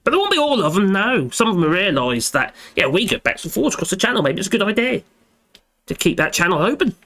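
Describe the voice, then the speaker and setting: A man's voice: sits high, sing-song, fast talker, sharp tone. A man hosting a casual live stream, chatting in a rambling way and tagging his lines with little repeated phrases.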